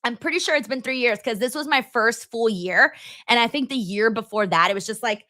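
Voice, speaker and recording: A woman's voice: a little high, a little fast, bright, forceful tone, no echo. A young woman hosting a live-stream watchalong, chatting casually and giggling as she reads out viewer comments.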